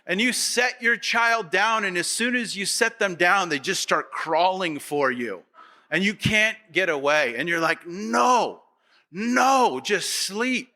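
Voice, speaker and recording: A man's voice: sits high, lively intonation, a little slow, pushed and bright. A male pastor preaching a sermon, asking the congregation rhetorical questions and acting out their voices. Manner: acts out quoted voices of the congregation; repetitive, rhetorical questions to the audience.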